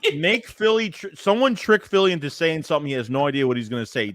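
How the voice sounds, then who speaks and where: A man co-hosting a casual sports podcast, relaxed and joking. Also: fairly high pitch, fast talker, crowd noise. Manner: laid-back, joking asides. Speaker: podcast co-host.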